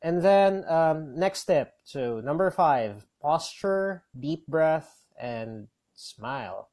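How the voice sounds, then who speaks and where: A man's voice: on the high side, lively intonation, slow, darkish tone. A man giving casual tips as a call center trainer, rambling with many fillers and restarts. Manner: coaching, gives direct advice. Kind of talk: casual instructional talk.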